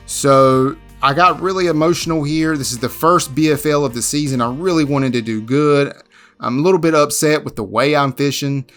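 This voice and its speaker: A man narrating a voice-over recap of his own fishing tournament, halting and repeating words as he restarts. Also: medium pitch, a bit bright. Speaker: fishing vlogger.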